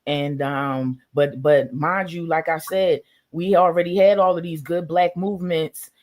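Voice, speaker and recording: A woman, talking bluntly and emphatically in a casual livestream discussion, acting out conversations with animated voices. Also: deep voice, unhurried. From United States.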